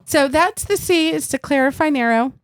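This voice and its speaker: Female co-host in her thirties, casual and chatty, bit high-pitched. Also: moderate pace, no echo, clean studio sound. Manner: chatty, many fillers. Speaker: podcast co-host. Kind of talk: casual chat.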